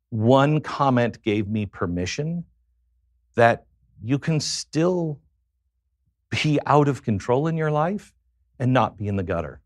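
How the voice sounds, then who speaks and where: Low-voiced man telling a personal story. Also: expressive, no room sound, studio quality. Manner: reflective, halting with many fillers. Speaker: guest.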